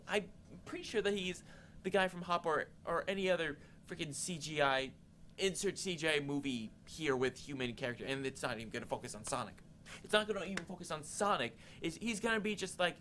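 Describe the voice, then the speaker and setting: A man's voice: a little high, animated, fairly quick, a bit bright, slight background noise. A young man co-hosting a campus TV show, giving an exasperated, indignant rant of a film review full of restarts. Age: young adult.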